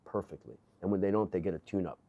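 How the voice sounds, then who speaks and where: An older man, a gym owner, telling animated stories in casual conversation with quoted dialogue and blunt, profane language. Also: low-pitched, fast, narrow, tinny audio. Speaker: gym owner, interview guest. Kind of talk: casual storytelling. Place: gym office.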